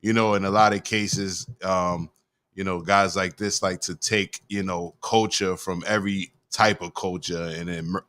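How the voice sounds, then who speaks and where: A man's voice: low voice, a bit bright, no echo. A male host in a casual chat show, talking in laid-back slang and reading viewer comments aloud.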